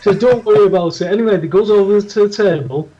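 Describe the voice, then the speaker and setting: Male podcast co-host, high-pitched, chatty anecdote-teller, muffled recording. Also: fast, mellow. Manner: rambling anecdotes with restarts. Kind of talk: casual storytelling chat.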